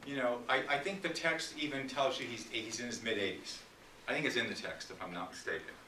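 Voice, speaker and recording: A man's voice: medium pitch, fairly quick, sharp tone, recorded from a distance, a little hiss or hum. Chatty man lecturing in an echoey room. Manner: chatty, storytelling retelling with asides. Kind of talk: casual public lecture. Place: library meeting room.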